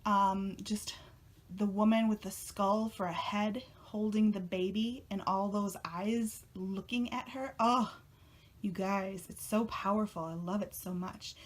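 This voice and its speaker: A woman's voice: medium pitch, steady tone, a little slow. A young woman chatting casually to camera for her video channel, gushing and emotional, often trailing off with fillers. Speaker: tarot vlogger.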